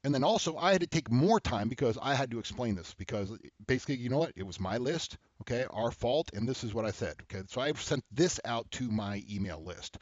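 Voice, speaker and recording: A man's voice: mid-range voice, lively intonation, a little fast, hardly any pauses, no room sound, muffled recording. A man hosting an advice show who talks bluntly and heatedly, and keeps checking in with "okay?". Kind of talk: casual advice talk to camera.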